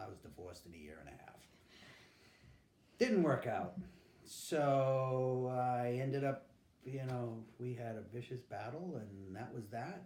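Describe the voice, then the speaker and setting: A man's voice: mid-range voice, dark tone, roomy sound, slight background noise. An older man, being interviewed about his life and telling it candidly, acting out what people said. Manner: candid storytelling, acts out quotes. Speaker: interviewee, veteran. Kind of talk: recounting his life story.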